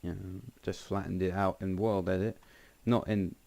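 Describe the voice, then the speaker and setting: A man's voice: sits low, little pitch movement, a little slow, gravelly, dark tone, no echo. A man giving casual, rambling gameplay commentary with wry asides and frequent self-corrections. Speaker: game channel host.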